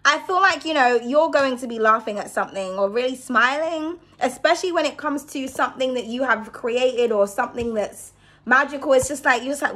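A woman's voice: high voice, pushed and bright. A woman giving a casual card reading to her viewers, chatty and reassuring, often checking in with "okay?". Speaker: tarot card reader.

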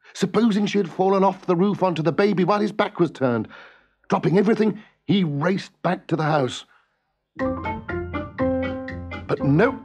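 Lively male storyteller reading aloud. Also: medium pitch. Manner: lively, expressive. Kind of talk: read-aloud storybook narration.

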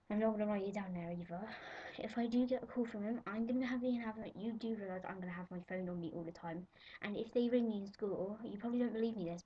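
A woman's voice: mid-range voice, mellow. Giddy breathless young girl vlogging. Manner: giddy, breathless, drifting into whispers. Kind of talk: excited casual vlog. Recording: dull lo-fi webcam audio with faint hiss.

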